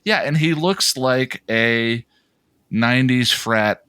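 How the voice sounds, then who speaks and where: A man co-hosting a casual podcast discussion, thoughtful and analytical, pausing often as he builds his point. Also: medium pitch, pushed and bright, smooth, dry recording, studio quality. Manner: thoughtful, analytical, hesitant with many pauses. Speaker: podcast co-host.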